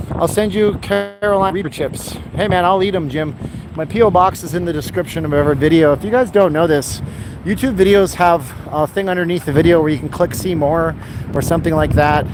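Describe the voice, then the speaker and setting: A man live-streaming a walking vlog outdoors along busy roads, chatting in a rambling way with sarcastic asides, on a handheld phone. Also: a little high. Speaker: vlogger. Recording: outdoor street with traffic noise.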